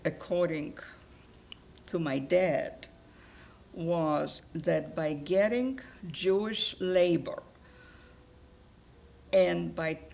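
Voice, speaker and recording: A woman speaks slowly in a lowish, gravelly voice. She gives a measured account in an interview and pauses between phrases, with faint room ambience behind her. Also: a little mellow, a little hiss or hum. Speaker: interviewee, child of a survivor.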